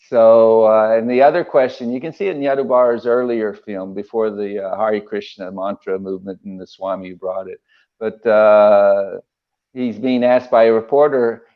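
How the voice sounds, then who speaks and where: Older man, emotional storyteller, halting with fillers, dull lo-fi sound. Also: mid-range voice, steady tone, smooth. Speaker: guest recalling memories. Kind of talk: casual storytelling interview.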